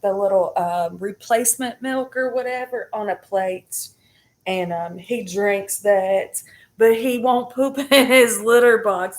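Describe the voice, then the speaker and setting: A middle-aged woman chatting casually to her viewers, rambling with many fillers and restarts. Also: medium pitch. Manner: addresses the audience directly. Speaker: spiritual reading streamer. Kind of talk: casual live chat to viewers.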